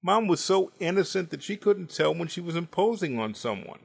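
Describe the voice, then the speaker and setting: A man in his forties tells comic family stories in a dry, wry monologue, carefully timing each punchline. His voice sits high with big swings in pitch, moving at a normal speed, with vocal fry and a breathy edge.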